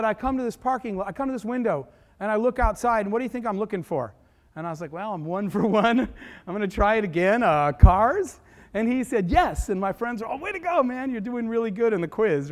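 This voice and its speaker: A man telling a long personal story to an audience as a keynote speaker, acting out the voices of the people he quotes. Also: sits high. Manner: animated, acts out quoted voices. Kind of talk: storytelling talk.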